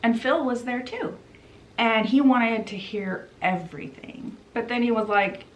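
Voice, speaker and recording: A woman vlogger walks through a book's plot in an easygoing, conversational way. Her voice sits a touch high and she takes her time, leaning on casual fillers as she goes. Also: unhurried, low-quality recording. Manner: chatty, uses "she's like" and "you know"; gets emotional while retelling. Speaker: book vlogger. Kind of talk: casual book summary retelling.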